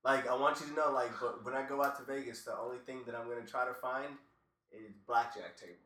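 A man's voice: mid-range voice, fairly even intonation, fast, pushed and bright, echoey room, distant mic. A man hosting a casual chat with friends while they play a video game, talking loosely and swearing, with "like" in nearly every phrase. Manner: loose, profane, fills with "like".

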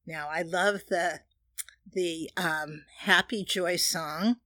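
A woman's voice: fairly low pitch, steady tone, takes it slowly, bright, forceful tone, dry recording, studio quality. A woman giving a metaphysical spiritual teaching, earnest and leading listeners in repeated affirmations.

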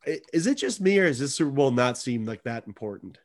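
A man's voice: medium pitch, big pitch swings, fast talker. A man co-hosting a casual sports podcast, joking sarcastically and swearing freely. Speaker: podcast co-host.

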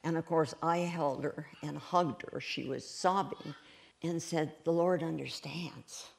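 A woman preaching a sermon, telling stories in an animated way and laughing often as she goes. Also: deep voice, unhurried, creaky, slight background noise. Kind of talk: sermon storytelling.

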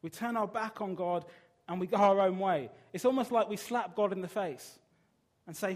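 A man's voice: sits high, moderate pace. A man preaching a sermon in an earnest, emphatic way, putting rhetorical questions to his listeners.

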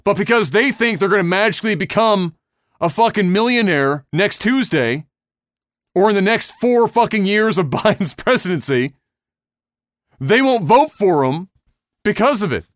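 A man's voice: sits high, animated, normal speed, fairly bright tone, dry recording, studio quality. Blunt, profane man ranting. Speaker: podcast host. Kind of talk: casual podcast rant.

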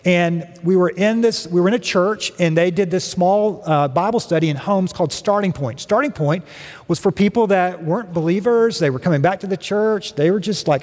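A man's voice: high voice, normal speed, a little mellow. Reverberant storytelling sermon from a man. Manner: conversational storytelling with humor. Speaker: guest speaker. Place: church sanctuary. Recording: long reverb of a large hall.

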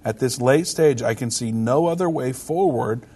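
A man co-hosting a casual religious talk show, chatting relaxed and reading quotes aloud. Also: medium pitch, moderate pace, slightly rough. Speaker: podcast co-host.

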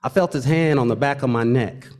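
A man telling a true personal story, expressive and wry, building suspense with pauses. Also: mid-range voice.

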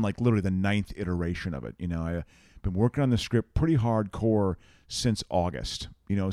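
A man's voice: fairly low pitch, darkish tone, no echo, clean studio sound. A man co-hosting a casual podcast chat, rambling and restarting his sentences and laughing easily. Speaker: podcast co-host. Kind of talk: casual chat while watching an awards show.

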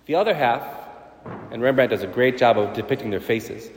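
A priest giving a sermon, animated, with sudden loud, high bursts of emphasis. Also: male voice, a little fast. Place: church. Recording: echoey church with long reverb.

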